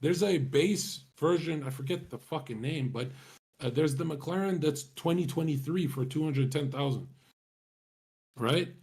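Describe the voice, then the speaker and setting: A man's voice: a little high, moderate pace, darkish tone, breathy edge. A man talking casually to his stream chat, rambling and swearing, with many restarts.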